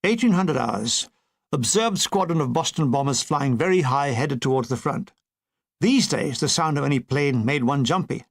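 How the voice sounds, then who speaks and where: A man's voice: mid-range voice, moderate pace, creaky. Man reading a wry war memoir. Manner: wry, expressive storytelling. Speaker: audiobook reader.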